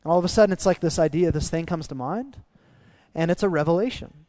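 A man preaching a sermon as pastor, animated and swinging down to quiet emphasis on key phrases. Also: on the high side, fast talker, no echo.

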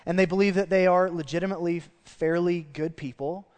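A man preaching a sermon from the front of a church, telling stories with lively, self-mocking humor. His voice sits a little high for a man. It rings out with the long reverb of a large hall. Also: brisk, hardly any pauses, clean tone. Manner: storytelling, animated, self-deprecating humor. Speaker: pastor. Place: church sanctuary.

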